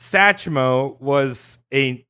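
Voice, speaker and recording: A man hosting a casual podcast chat, telling a story in an animated, profane way and acting out quotes. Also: mid-range voice, extremely slow, smooth. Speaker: podcast host.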